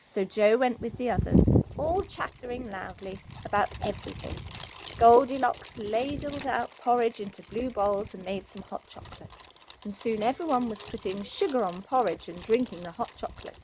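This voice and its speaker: A woman reading a children's story aloud, expressive and animated. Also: fairly high pitch, normal speed, slight background noise.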